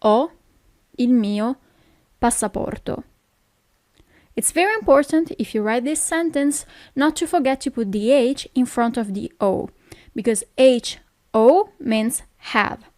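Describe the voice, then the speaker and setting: A woman with an Italian accent teaches a language lesson at a very slow, patient pace and repeats each phrase. Her voice sits a little high. The recording is dry and close. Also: darkish tone, no echo. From Italy.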